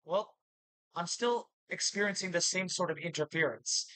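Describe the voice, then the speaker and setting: A woman's voice: fairly low pitch, moderate pace, pushed and bright, no echo, low-quality recording. A woman vlogger in an agitated, accusatory monologue that keeps repeating itself. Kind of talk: ranting monologue to camera.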